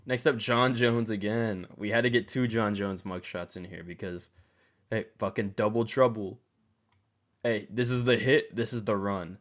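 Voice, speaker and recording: A man giving casual, rambling commentary, swearing often and jumping up in pitch for emphasis. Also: steady tone, normal speed. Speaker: mma commentary host. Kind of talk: casual profane ranking commentary.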